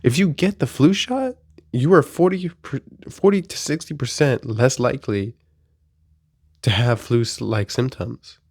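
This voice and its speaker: A man's voice: medium pitch, lively intonation, a little slow, a little mellow, dry recording, clean studio sound. Profane young man venting, sick with flu. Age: 20s. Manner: exasperated, profane venting with mock quotes. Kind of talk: casual ranting monologue.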